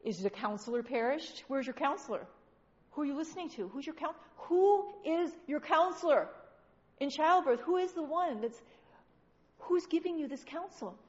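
High-voiced woman preacher, rhetorical questions, teasing, dull recording with long hall reverb. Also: expressive, moderate pace. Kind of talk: sermon.

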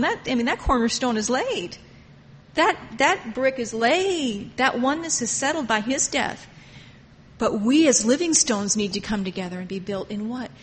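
A woman preaching a sermon with passion, swinging from hushed tones to loud cries. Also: fairly high pitch. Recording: long hall reverb, faint noise.

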